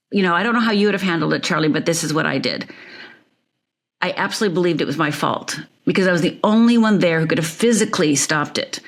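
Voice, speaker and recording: As an interview guest, a woman from Upper Michigan tells her life story vividly and emphatically, repeating phrases for effect. Her voice is lowish.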